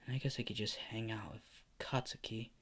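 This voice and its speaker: A man voicing a mild teenage boy in an amateur fan story, hesitant and halting in speech. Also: fairly low pitch, steady tone, a bit bright, slightly rough.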